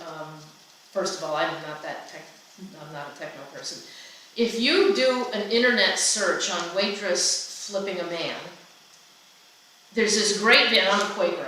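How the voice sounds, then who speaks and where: A woman presenting a workshop in a chatty, animated way, often restarting her sentences. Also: on the low side. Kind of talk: conversational seminar talk. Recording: echoey room from a distance with faint noise.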